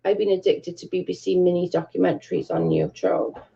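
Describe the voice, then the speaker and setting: A woman's voice: on the low side, very animated, brisk, vocal fry, mellow, dull audio. A British woman hosting a casual livestream from her bedroom, chatting and reading out viewer comments, swearing freely. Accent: British English. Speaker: livestream host.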